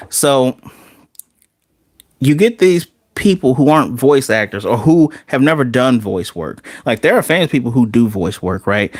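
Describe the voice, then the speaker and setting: A man's voice: mid-range voice, no room sound, studio quality. Sarcastic man ranting about remakes. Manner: sarcastic, animated, swears. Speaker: movie reviewer. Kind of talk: casual ranting commentary.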